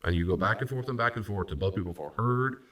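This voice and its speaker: A man, a pastor and counselor, teaching on marriage and acting out spouses' lines in quick voices. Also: fairly low pitch, a bit bright, far from the mic. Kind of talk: recorded teaching talk on marriage.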